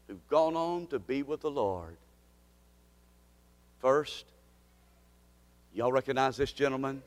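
A man's voice: on the high side, in a large hall. A man preaching a sermon as pastor, impassioned and repeating key phrases for emphasis.

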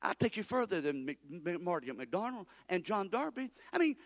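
High-voiced man preaching an emphatic sermon. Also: big pitch swings, fairly quick. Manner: emphatic preaching, has the congregation repeat phrases. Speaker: pastor. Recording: long hall reverb.

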